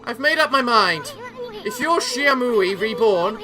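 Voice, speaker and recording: A woman voicing a brash, cheeky little male companion who teases and gets excited. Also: fairly high pitch, measured pace. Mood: cocky. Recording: game music behind.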